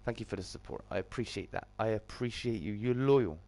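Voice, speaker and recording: A man hosting a live game stream, greeting viewers by name in a loud, excitable way with sudden jumps in pitch. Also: a little fast. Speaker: gaming streamer.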